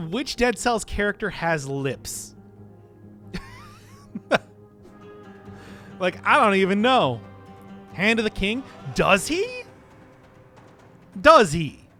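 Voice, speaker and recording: A man streaming a game, bantering loosely with his viewers and breaking into laughter. His voice sits high and swings up and down with lively energy. Faint music plays behind him. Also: measured pace, pauses often. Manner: playful, laughs often, banters with chat. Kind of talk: casual live-stream chat.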